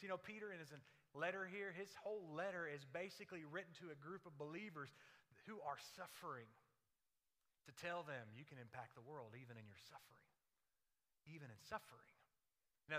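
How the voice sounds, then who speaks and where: High bright-voiced man preaching in a hall. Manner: animated storytelling with jokes, dramatic drops in volume. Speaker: pastor. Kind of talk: sermon. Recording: long hall reverb.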